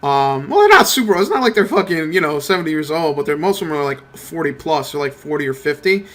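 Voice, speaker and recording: A young man rambling through a profane, animated story while commentating a mobile game he is playing. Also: a little high, fast talker. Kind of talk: casual gameplay commentary rant.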